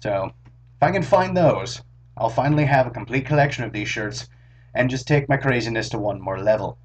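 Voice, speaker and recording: A hoarse young man chatting casually to his camera in a rambling, jokey, self-mocking vlog, recorded on a small camera's built-in mic. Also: medium pitch, lively intonation, brisk. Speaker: vlogger.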